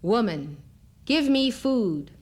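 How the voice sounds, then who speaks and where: A man's voice: high voice, takes it slowly. A woman voicing a proud, hot-tempered young male yogi who talks in an indignant, demanding way.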